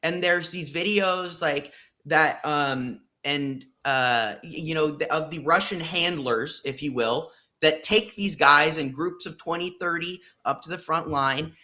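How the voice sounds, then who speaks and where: A man's voice: fairly high pitch, measured pace, pushed and bright. A man in casual podcast discussion, talking emphatically with frequent fillers and blunt profanity.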